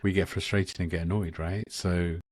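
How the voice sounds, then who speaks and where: A man's voice: sits low, little pitch movement, normal speed, a little mellow, no room sound. A man, a spiritual guest on a video call, talking earnestly with many restarts. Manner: earnest, rambling with frequent restarts. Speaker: guest, Akashic Records channel. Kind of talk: casual spiritual conversation.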